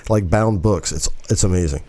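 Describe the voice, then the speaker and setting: A man's voice: sits low, moderate pace, crowd noise. A man co-hosting a podcast, rambling casually. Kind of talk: casual chat.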